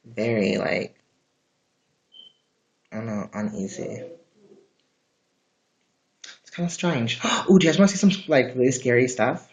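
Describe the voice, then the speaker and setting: A man chatting casually on a livestream from his home, rambling and swearing often. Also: mid-range voice. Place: at home, indoors.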